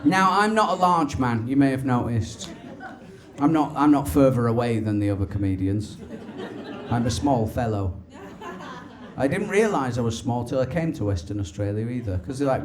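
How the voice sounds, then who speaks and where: A male stand-up comedian, animated and swearing, on a comedy club stage. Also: medium pitch, normal speed. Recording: live club with crowd laughter.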